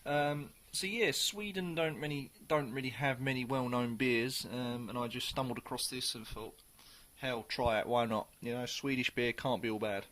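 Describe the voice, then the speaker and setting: A man's voice: medium pitch, normal speed, hardly any pauses, a bit bright. Chatty man reviewing a beer. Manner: chatty and rambling, with many ums. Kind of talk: casual video review.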